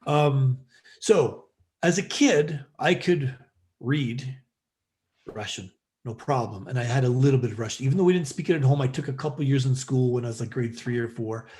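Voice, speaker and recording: Man from western canada, middle-aged, rambling storyteller, podcast guest, voice pitched in the middle. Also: normal speed. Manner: rambling, animated storyteller with many fillers. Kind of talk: casual storytelling interview.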